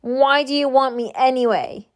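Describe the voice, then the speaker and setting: A high, thin young orphan boy, put on by a woman reading aloud, eager and easily frightened. His voice sits well above a grown woman's and sounds a little unlike her usual tone, pleading and crying out. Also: normal speed, close to an everyday voice. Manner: pleading, cries out in alarm.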